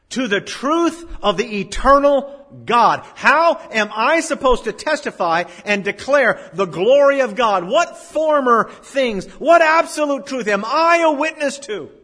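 A man's voice: very high voice, big pitch swings, takes it slowly, pushed and bright, voice pushed up, heavily acted. A man voicing an earnest churchgoer who asks his pastor questions in a pleading, rising tone. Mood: searching. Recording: long hall reverb.

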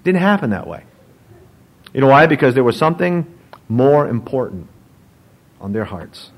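A man, a pastor, preaching a sermon in an animated, joking storytelling manner. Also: medium pitch, moderate pace, poor audio.

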